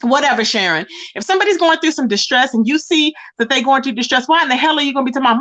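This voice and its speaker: A woman in a casual panel chat, telling a story lively and acting out the quotes. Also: high-pitched, rapid-fire, few pauses.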